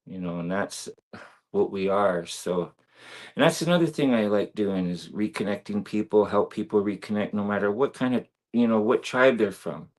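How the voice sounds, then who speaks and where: A man talking earnestly and reflectively as a guest on a video-call interview, with many fillers. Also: fairly low pitch. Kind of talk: casual interview talk.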